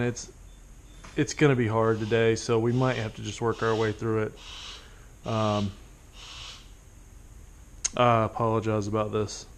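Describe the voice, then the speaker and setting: A man narrating a casual vlog outdoors as a falconer, talking quietly and patiently and coaxing his bird between remarks. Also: fairly low pitch. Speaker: falconer training a hawk. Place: outdoors among trees.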